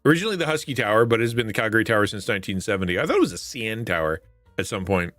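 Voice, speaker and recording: A man chats with his stream audience, laughing often as he retells funny stories, his pitch swinging lively up and down. His nose sounds stuffy. The voice is close and dry, with faint music behind. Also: racing, no room sound. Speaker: livestream host. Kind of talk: casual chat with live chat viewers.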